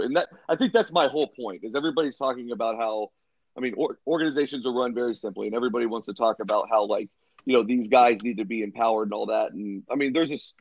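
A man's voice: mid-range voice, no room sound, highs cut off. Laid-back, profane man in casual chat. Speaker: sports podcast co-host.

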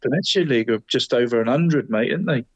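A man's voice: medium pitch, quick pace, husky, no echo. Male co-host, rambling chatty delivery, dry close recording. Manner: chatty, says "mate" constantly, rambling restarts. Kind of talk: casual football chat.

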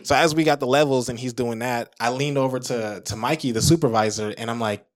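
A man's voice: mid-range voice, fairly quick. A man in his twenties, a guest music producer, telling a story in casual chat with lots of fillers like "like" and "you know". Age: 20s. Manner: animated, rambling, heavy use of "like" and "you know".

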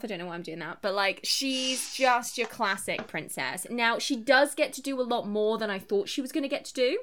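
A woman co-hosting a podcast, reviewing a film in casual chat, animated and quick with asides, swearing freely and mock-quoting the characters. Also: fairly high pitch. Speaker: podcast co-host.

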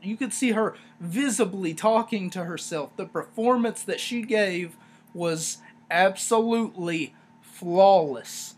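A man hosting a wrestling review podcast, talking casually in a rambling, sarcastic way with animated asides. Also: high voice, slow, breathy edge. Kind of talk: casual solo review talk.

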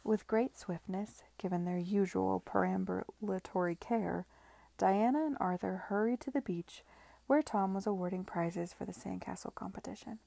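A woman reading a novel aloud with measured, expressive storytelling. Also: mid-range voice, creaky, no room sound. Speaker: reader.

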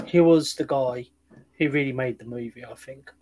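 A man co-hosting a casual film review podcast, easygoing and quick to laugh. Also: medium pitch, a little mellow, dull audio. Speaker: podcast co-host.

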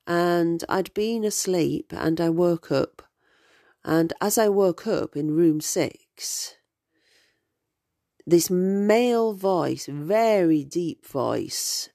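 A woman's voice: on the low side, mellow, no echo. A middle-aged woman hosting a podcast, telling her own stories in a chatty, digressive way. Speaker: podcast host. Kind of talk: casual storytelling monologue.

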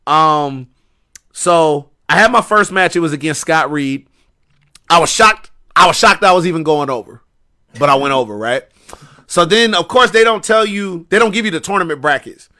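A man telling wrestling stories on a podcast, animated and slangy, often repeating himself. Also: a little high, moderate pace. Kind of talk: casual podcast storytelling.

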